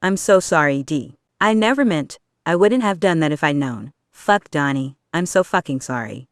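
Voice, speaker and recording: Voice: mid-range voice, expressive, normal speed, clean tone, dry recording, clean studio sound, close to an everyday voice. A reader voicing a sarcastic teenage male turtle who mocks and then soothes his brother, in a fan audio drama. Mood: pleading.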